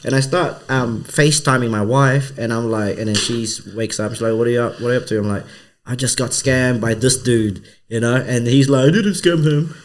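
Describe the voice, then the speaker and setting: A man telling a tale on a podcast, bringing it to life by jumping into the voices of everyone involved. His voice sits at an ordinary middle pitch and he talks with a comedian's loose, conversational flow. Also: a little fast, background noise. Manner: animated storyteller who acts out the voices of others. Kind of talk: casual storytelling chat.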